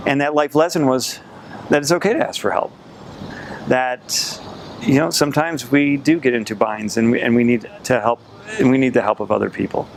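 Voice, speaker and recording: Gravelly man telling a personal story. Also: medium pitch, fairly even intonation, a little hiss or hum. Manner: earnest, reflective storytelling with pauses. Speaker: sales coach. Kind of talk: storytelling to camera.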